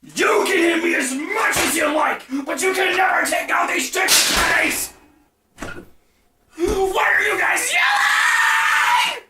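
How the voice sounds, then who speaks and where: A woman's voice: very high voice, sing-song, slow, reverberant, recorded from a distance, heavy background noise, exaggerated voice. A woman doing shrieking cartoon roommates. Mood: yelling. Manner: yelling nonstop, frantic and argumentative. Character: screaming young roommates in a petty feud. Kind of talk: cartoon voice acting.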